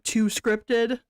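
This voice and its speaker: A woman's voice: a little high, darkish tone, no room sound, clean studio sound. A woman hosting a livestream, giving sarcastic reaction commentary with frequent laughs and swearing.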